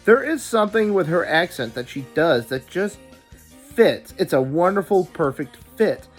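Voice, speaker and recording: A man's voice: high voice, very animated, normal speed, soft background music. A man hosting a video, giving opinionated casual commentary with stammering asides. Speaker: video host reviewing dubs.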